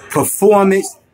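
A man giving an excited, profane recap of a battle, repeating his phrases and hyping the performers. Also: sits high, background noise. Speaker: battle rap reviewer.

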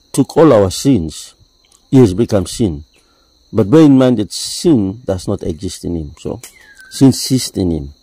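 Deep-voiced man preaching a sermon. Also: vocal fry, mellow, husky, rough recording. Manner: explains with repeated "you see", deliberate phrasing.

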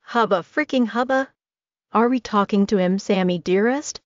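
A woman voicing a flamboyant, overly dramatic man in an audiobook, in a slightly higher, fussy tone. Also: normal speed, dry recording, close to an everyday voice. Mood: theatrical. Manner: theatrical, fussy. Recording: dull lo-fi recording.

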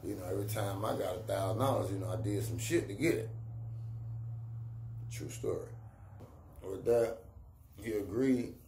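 A middle-aged rapper with a low-pitched, dark-toned voice tells casual stories about his career in street slang, acting out the voices of people he quotes. He speaks at a moderate pace with frequent pauses, in an echoey room with faint ambient noise.

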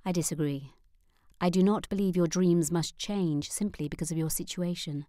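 A woman voicing a gentle but determined middle-aged mother in an audiobook, speaking calmly and firmly. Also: on the low side, moderate pace, no echo, clean studio sound, natural voice. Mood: reassuring. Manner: calm, soothing, firm.

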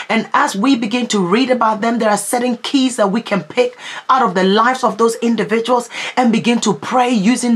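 A woman's voice: a little high, slightly rough. A woman preacher delivering a fervent prayer-marathon sermon with repeated declarations. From United Kingdom. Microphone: livestream.

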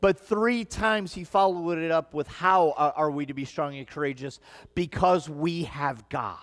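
A man's voice: a little high, measured pace. Earnest Midwestern man preaching in a reverberant church. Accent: Midwestern American. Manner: earnest, conversational preaching with rising emphatic passages. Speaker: pastor. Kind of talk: sermon. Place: church sanctuary. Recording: long reverb of a church hall.

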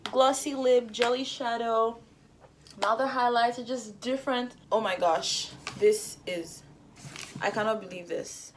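Gushing young woman vlogger, high voice. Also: normal speed, fairly bright tone, a little hiss or hum. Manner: gushing, gasping and exclaiming. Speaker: beauty vlogger. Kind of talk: excited unboxing vlog. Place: home.

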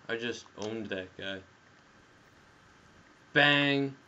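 A young man giving casual, jokey commentary while playing a game, yelling at the action and talking through a headset mic. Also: lowish voice, a little slow. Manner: excitable, jokey, yells at the game. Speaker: gameplay commentator. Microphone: gaming headset. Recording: dull headset audio with faint noise.

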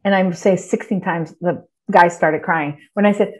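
A woman in her forties from Texas, a guest writer talking in a lively, rambling way full of restarts. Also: mid-range voice, moderate pace, few pauses. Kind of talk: casual interview chat.

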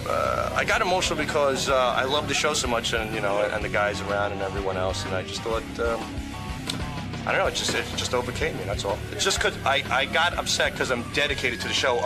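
A man's voice: mid-range voice, a little fast, over music, poor audio. A man answering interview questions in a rambling, hesitant way, with many fillers. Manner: rambling, hesitant, then blunt. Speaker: interview guest. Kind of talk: casual interview.

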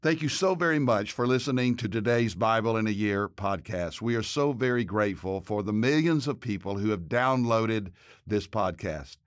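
A man, a pastor and podcast host, reading a scripted devotional narration and leading a prayer in an earnest, measured way. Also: lowish voice, dry recording, clean studio sound.

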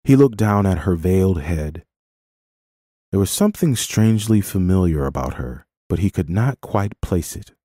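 A man narrates a novel in a measured, expressive reading voice. His tone is deep and warm. The recording is dry and close to the mic. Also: dry recording. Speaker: audiobook narrator. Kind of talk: scripted narration.

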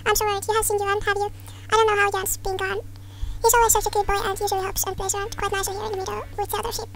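Woman putting on an anxious shepherd, very high, quick, flat. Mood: worried. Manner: reads game dialogue aloud in a squeaky voice. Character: anxious shepherd missing a lamb. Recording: game music underneath.

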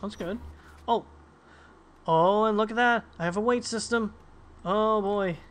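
A man's voice: high voice, measured pace, a bit bright, smooth. A man playing a game and chatting casually, reading in-game notes aloud and reacting to them. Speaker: let's-play gamer.

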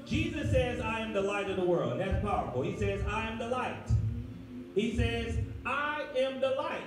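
A man preaching a folksy, animated sermon as pastor. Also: high-pitched, normal speed. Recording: echoey room, far from the mic, music behind.

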